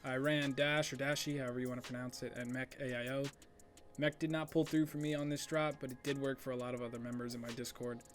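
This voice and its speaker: A young man narrating his own screen recordings in a relaxed, chatty voiceover, often pausing on ums. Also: medium pitch, faint music behind. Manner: relaxed, conversational, with frequent ums. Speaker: sneaker botting YouTuber.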